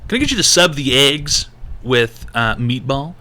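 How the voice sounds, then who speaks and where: A man hosting a live-streamed advice show, ranting in a loose, profane and animated way. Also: mid-range voice, normal speed. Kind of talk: live-stream call-in talk.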